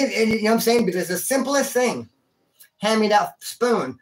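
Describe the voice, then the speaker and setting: A man's voice: high voice, expressive, normal speed. A man telling a rambling personal story in a casual, slangy way, calling the listener dude and bro. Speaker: vlogger telling a prison and life story.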